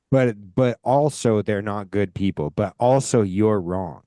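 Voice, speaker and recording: A man from Canada holds forth as a podcast host in casual chat, his voice sitting a little low. He rambles and swears freely, hitting words with emphasis. The sound is close and dry. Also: takes it slowly, mellow, no room sound. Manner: profane, emphatic, rambling storyteller.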